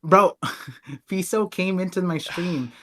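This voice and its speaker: A man's voice: high voice, a bit bright. A man in his thirties co-hosting a podcast, rambling and joking with frequent laughter. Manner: laughing, rambling, quick jokey asides. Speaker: podcast co-host. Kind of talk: casual chat.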